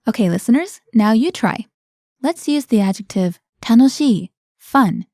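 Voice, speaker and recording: In an unhurried, animated way, a woman with a warm, mellow, slightly high voice hosts a scripted language lesson. She explains things clearly and guides it forward with questions, recorded dry and close to the mic.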